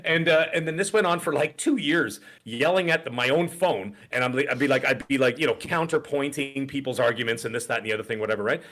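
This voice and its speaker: Middle-aged man, podcast co-host, rapid rambling talk, casual chat, close desk mic. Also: mid-range voice, a bit bright. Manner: rambling storyteller, acts out quoted voices. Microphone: desk podcast microphone.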